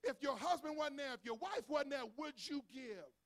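A man preaching a sermon as pastor to his congregation, repeating words for stress and rising into shouting. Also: extremely high pitch, lively intonation, normal speed. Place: church service with congregation.

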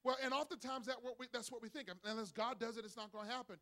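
Middle-aged male pastor, high and bright voice, energetic sermon delivery with call-and-response. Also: fast. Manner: energetic preacher calling for congregation responses; acts out voices in a joke with rising excitement. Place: church.

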